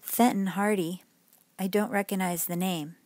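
A woman voicing an oily, smirking male hotel desk clerk with a smooth, falsely polite manner, in a bedtime story. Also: medium pitch, fairly even intonation, normal speed, darkish tone, dry recording, lightly acted.

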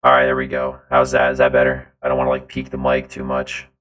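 A man talking through a robot voice changer, loud and testing the effect. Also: very deep voice, monotone, fast, pitched below the performer's own voice. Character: deep robot voice.

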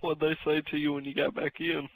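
A man chimes in with amused, teasing remarks and questions. His voice sits fairly high for a man. The tone is relaxed and chatty. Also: fairly quick, dry recording, poor audio. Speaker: listener. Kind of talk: casual chat.

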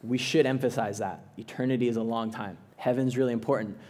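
A man's voice: medium pitch, steady tone, fast talker, a little mellow. A man preaching a sermon as a pastor, earnest and conversational, often restarting his phrases.

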